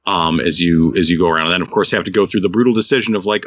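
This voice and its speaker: Low-voiced man rambling through a game review. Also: very fast, hardly any pauses, fairly bright tone, no echo, dull audio. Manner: rambling, many restarts and fillers. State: hiccups. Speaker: podcast co-host reviewing games. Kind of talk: casual chat.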